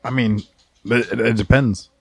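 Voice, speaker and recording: A man's voice: medium pitch, steady tone, normal speed, vocal fry, slightly rough, no room sound. A man arguing his point in a casual podcast chat, swearing as he goes. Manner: argumentative, profane.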